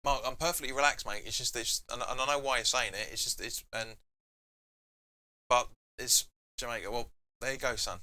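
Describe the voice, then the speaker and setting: A young fan-channel host runs a live football watch-along, reading viewers' comments aloud and chatting back loosely. His middle-pitched voice is very bright and forward at a moderate pace, and he sometimes erupts in shouts at the match.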